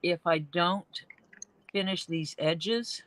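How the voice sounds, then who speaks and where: A woman's voice: on the low side, slow pace, no echo. A woman streaming her leatherwork from a home basement workroom, chatting and thinking aloud as she works. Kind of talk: casual livestream chat while working.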